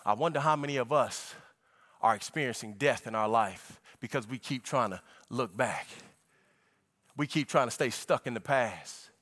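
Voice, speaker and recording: A man's voice: medium pitch, moderate pace, fairly bright tone. A pastor preaching a sermon to his church, speaking folksy and direct to the congregation, at times lifting into sung tones.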